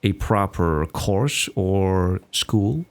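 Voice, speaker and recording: This clip features a young man from Singapore with a deep, expressive voice, speaking very slowly. He hosts a casual solo podcast, rambling and poking fun at himself, restarting often.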